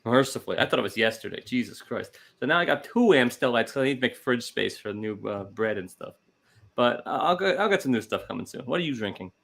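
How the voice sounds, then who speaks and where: A man's voice: mid-range voice, animated, fast, vocal fry, fairly bright tone. A man co-hosting a casual comedy podcast, rambling through self-deprecating jokes. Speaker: podcast co-host.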